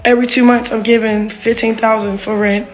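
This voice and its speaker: A woman's voice: a little high, level tone, a little fast, soft background music. A woman venting about her relationship in a candid, rambling monologue, heated and full of swearing and "like". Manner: rambling, heated, profane, heavy use of "like".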